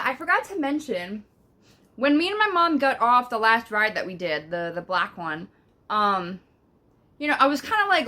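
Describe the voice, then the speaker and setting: Bright, chatty young woman rambling. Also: a little high. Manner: rambling, swearing, lots of fillers like "bruh" and "like". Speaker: vlogger. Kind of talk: casual storytime vlog. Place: at home, indoors.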